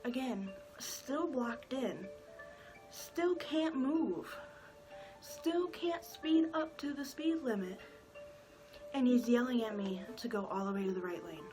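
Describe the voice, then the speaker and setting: A woman's voice: on the high side, lively intonation, slow pace, music in the background, low-quality recording. A woman in her twenties telling a personal story in a casual, rambling way with lots of filler words. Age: 20s. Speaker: vlogger.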